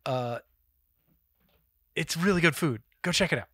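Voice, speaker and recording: A man's voice: fairly high pitch, measured pace, sharp tone, slightly rough, no echo, studio quality. A man co-hosting a cooking podcast, chatting loosely with rambling asides and swearing. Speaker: podcast co-host. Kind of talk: casual chat.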